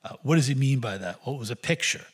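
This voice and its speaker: A man's voice: medium pitch, expressive, fast talker, breathy edge. A man preaching an expository sermon, teaching steadily through Scripture and rising into emphatic bursts.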